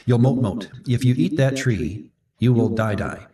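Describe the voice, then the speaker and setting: A man's voice: mid-range voice, a little slow, dark tone, distant mic. A man from Minnesota leading a casual Bible discussion, chatty and rambling, often restarting his sentences. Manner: rambling, chatty storyteller with self-corrections. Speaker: Bible study co-host.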